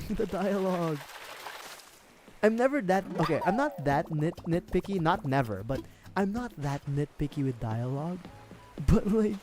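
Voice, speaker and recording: A man's voice: on the high side, sing-song, unhurried, a little mellow. A young man streaming a game, chatting casually in a rambling way, swearing and laughing often. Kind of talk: casual livestream chat while gaming.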